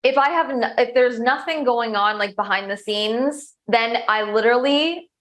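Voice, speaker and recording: Chatty upbeat woman, a little high. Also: moderate pace, a bit bright. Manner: upbeat, chatty, many likes and restarts. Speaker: coach and show host. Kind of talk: casual interview answers.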